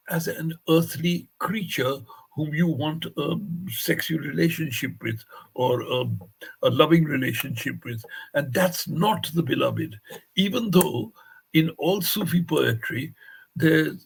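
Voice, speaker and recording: A man's voice: fairly high pitch, gravelly, husky, rough recording. An older man, a poet and translator, telling anecdotes on a festival stage and acting out the voices of the people he quotes.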